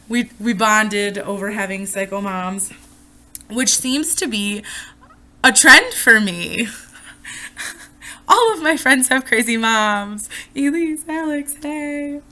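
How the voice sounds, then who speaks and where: A young woman vlogger telling a personal story, animated and full of swearing. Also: on the high side, slow. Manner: animated, profane retelling. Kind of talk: casual storytime vlog.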